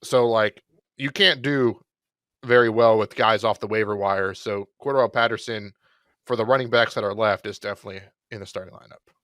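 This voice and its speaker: Low-voiced man chatting casually. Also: fairly quick, dry recording, clean studio sound. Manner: relaxed, rambling, with self-deprecating jokes. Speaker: podcast co-host. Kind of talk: casual fantasy football chat.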